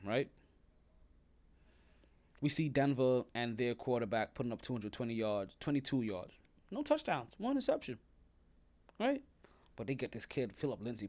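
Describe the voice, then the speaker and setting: A man's voice: mid-range voice, darkish tone. A man hosting a sports podcast, ranting in casual commentary, repeating himself and rattling off stats. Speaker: podcast host.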